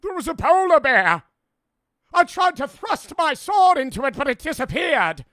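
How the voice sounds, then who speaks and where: A man voicing a frantic 1800s castle guard who insists he is sane, loud and pleading. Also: very high voice, very animated, normal speed, dry recording, studio quality, pitched above the performer's own voice, full character voice. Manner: loud, pleading, old-timey.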